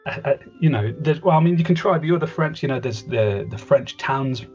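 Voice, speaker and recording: A man's voice: medium pitch, animated, fairly quick, a little mellow. Rambling man, lo-fi sound. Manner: rambling, hesitant, with many restarts. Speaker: podcast host. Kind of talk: comedy sketch as a voice director. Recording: dull lo-fi podcast audio with faint music.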